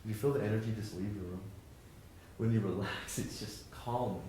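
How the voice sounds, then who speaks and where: A man, a professor, giving a lively motivational talk to students, joking and asking the audience questions. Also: lowish voice, moderate pace, slight background noise. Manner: animated, jokey, asks the audience questions. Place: lecture hall with audience. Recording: roomy hall sound.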